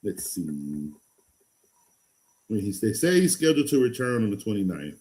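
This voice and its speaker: Excitable man hosting a live stream. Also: moderate pace. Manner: excitable, loose and rambling, swings from loud hype to low muttering. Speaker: fantasy football show host. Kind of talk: casual live-stream talk.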